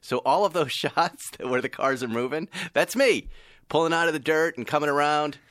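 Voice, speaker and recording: A man hosting a podcast in casual chat, telling stories in a lively, teasing way. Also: a little high, moderate pace, no room sound, studio quality. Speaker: podcast host.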